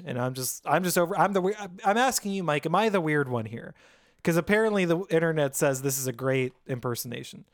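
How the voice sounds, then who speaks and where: Chatty, animated man podcaster. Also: a little high, fairly quick, no echo, studio quality. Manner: animated, rambling with many restarts. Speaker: podcast co-host. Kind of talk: casual movie podcast chat.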